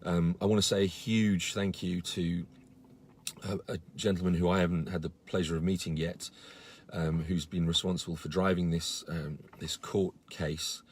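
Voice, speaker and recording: Speaking at a normal speed in a low-pitched, level voice, a man updates his followers on a casual live video. He comes across as earnest and indignant, and his talk is full of fillers and restarts, with slight background noise.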